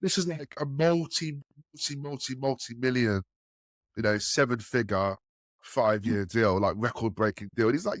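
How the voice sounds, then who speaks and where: A man's voice: normal speed, no echo, clean studio sound. A man talking about enterprise sales on a podcast, telling stories and acting out the people in them with a raised voice. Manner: animated, acts out quotes with raised pitch. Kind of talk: casual podcast storytelling.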